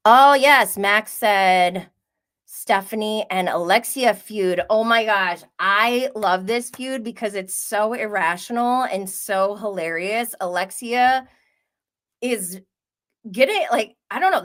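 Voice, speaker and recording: A woman hosting a live stream, chatting casually and gossiping, reacting to comments with frequent laughs. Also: mid-range voice. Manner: animated, gossipy, laughs often, reads chat aloud. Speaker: host.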